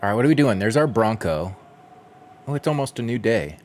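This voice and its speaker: A man's voice: fairly low pitch, expressive, a little fast, a little mellow. A man chatting casually with viewers while he streams a video game, rambling and chuckling as he goes. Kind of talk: casual gameplay chat.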